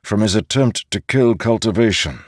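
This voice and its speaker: Wary regal man, grave warnings, male narrator doing it raised higher, dry. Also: normal speed, dry recording, natural voice.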